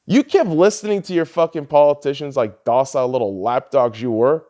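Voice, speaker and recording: A man hosting a podcast, ranting heatedly and swearing often, his voice lurching between loud outbursts and low mutters. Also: fairly quick. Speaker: podcast host. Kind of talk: ranting political commentary.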